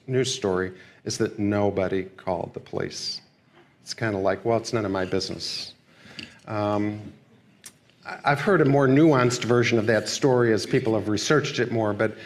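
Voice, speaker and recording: Low-voiced older man, quiet and reflective. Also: slight background noise. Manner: subdued, reflective and hesitant. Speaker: guest lecturer. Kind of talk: personal storytelling lecture. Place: school lecture hall.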